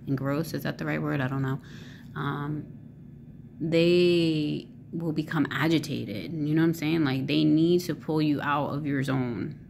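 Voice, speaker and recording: A woman's voice: sits low, steady tone, unhurried, vocal fry, a little mellow, slight background noise. A woman vlogger talking casually to camera, rambling with many fillers and swearing freely.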